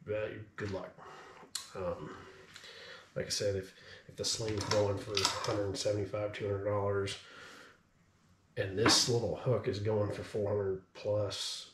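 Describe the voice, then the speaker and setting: A low-voiced man with a drawl, a bit out of breath, rambling loosely with lots of ums and you-knows. He sounds set back from the mic in an echoey room, with a faint hiss underneath. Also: flat delivery, slow, long pauses, far from the mic. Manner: rambling, filler-heavy, laid-back. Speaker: gun reviewer. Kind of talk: casual talk to camera.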